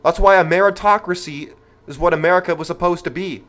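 A man's voice: high-pitched, fast, fairly bright tone. A man hosting a podcast, delivering an opinionated monologue in an emphatic, rhetorical manner and speaking straight to his listeners. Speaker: podcast host.

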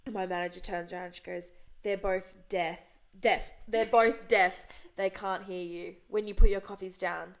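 A woman's voice: mid-range voice, fairly even intonation, normal speed. A young woman hosting a podcast, telling exasperated stories in casual chat. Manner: chatty, exasperated storyteller. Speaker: podcast host.

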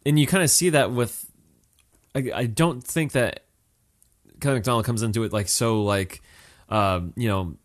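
A man's voice: medium pitch, normal speed, long pauses. Rambling man chatting about a movie. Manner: rambling, many restarts and fillers. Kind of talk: casual movie review chat.

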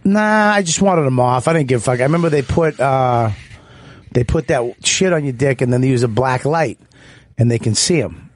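A man, a guest comedian in a radio studio, trading crude jokes and profane, animated rants. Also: medium pitch, normal speed, no echo.

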